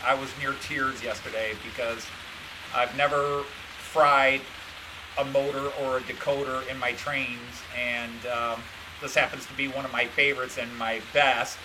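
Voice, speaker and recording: A man's voice: mid-range voice, noisy background. A man chatting casually on a live stream about his model trains, rambling and dejected, blaming himself. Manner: rambling and meandering, dejected and self-critical.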